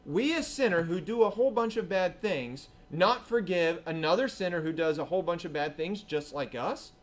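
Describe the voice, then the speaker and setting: A man preaching a sermon as pastor at a church service, earnest and swinging between emphatic and hushed delivery. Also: sits high, lively intonation, moderate pace.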